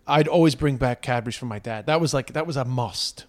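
A man's voice: mid-range voice, a little fast. A man with a Cork Irish accent co-hosting a casual podcast chat, blunt and sweary, often stammering as he restarts. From Ireland. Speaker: podcast co-host.

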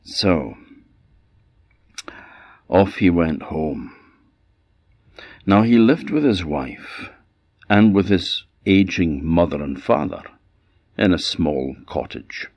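A man with a Scottish accent from Orkney telling a folk tale for children in a lively, conversational way. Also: deep voice, slow, pauses often, no room sound, muffled recording. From Scotland. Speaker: storyteller.

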